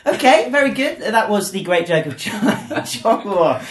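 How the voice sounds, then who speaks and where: A man in his thirties hosting a podcast, chatting casually and telling stories in an animated, joking way. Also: very high-pitched, moderate pace, few pauses, music in the background. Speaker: podcast host. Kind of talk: casual chat. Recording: roomy echo.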